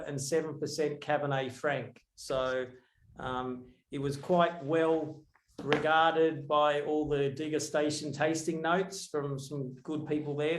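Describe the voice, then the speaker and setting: A man's voice: fairly high pitch, echoey room, slight background noise. A man, a guest on a casual podcast, joking and stumbling over his words. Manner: jokey, hesitant, stumbling. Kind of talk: casual chat.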